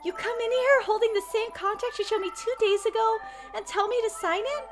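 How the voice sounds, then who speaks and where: A woman voicing a gentle female cat cafe owner in a game, talking in a soft-hearted, anxious, pleading way. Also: very high-pitched, a little fast, music in the background, voice pushed up. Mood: hurt.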